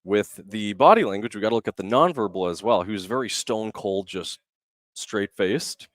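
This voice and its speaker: A man's voice: fairly low pitch, lively intonation, normal speed, no echo. A young man coaching on public speaking over a video call, explaining emphatically and varying his pace to stress points. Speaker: communication coach.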